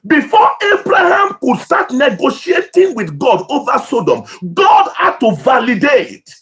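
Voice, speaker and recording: A man preaching with a very high voice that leaps and plunges across a huge range. He is a pastor from Nigeria, impassioned and emotional, bursting into shouts and then falling to near-whispers. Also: sing-song, measured pace. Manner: impassioned preaching with sudden shouts and hushed drops. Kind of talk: sermon.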